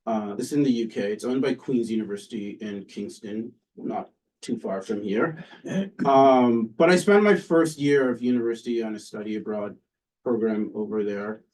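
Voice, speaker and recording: A man, a political science professor, giving an academic talk in a relaxed, conversational way with frequent pauses and "um"s. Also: lowish voice, far from the mic, rough recording. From Canada. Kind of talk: academic lecture. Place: lecture room with an audience.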